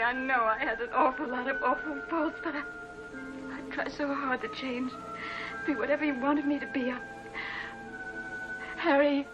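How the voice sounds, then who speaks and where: An actress playing a lonely, desperate woman pleading on the phone, halting and stammering, tearful, in a 1950s TV drama acting style. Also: high voice, natural voice. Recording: muffled old TV soundtrack with music.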